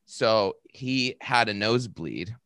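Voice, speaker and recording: Lively laughing storyteller man, bright voice. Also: lowish voice, takes it slowly, no room sound, clean studio sound. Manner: animated storyteller, laughs through his own tales. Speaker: podcast guest and stand-up comedian. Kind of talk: casual chat, crude storytelling.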